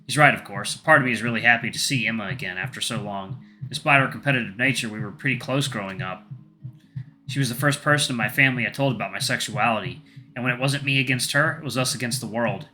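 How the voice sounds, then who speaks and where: A man, a gaming channel host, reading a visual novel aloud in soft first-person narration with crude asides. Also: mid-range voice, quick pace.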